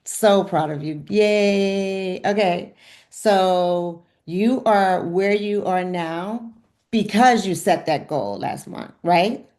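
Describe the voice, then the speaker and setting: A woman's voice: medium pitch, slow pace. Effusive woman coaching a group call. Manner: warm, effusive, repeats praise. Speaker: health coach leading a group session. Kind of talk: encouraging coaching on a video call.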